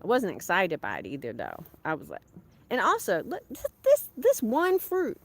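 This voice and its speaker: A woman with a drawl, talking to her followers as she walks her farm with a phone. Her voice swings up and down with a lot of life, and she rambles in a chatty, animated way. It's recorded outdoors on a handheld phone. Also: deep voice, moderate pace, vocal fry. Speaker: farm vlogger. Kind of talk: casual live-stream chat.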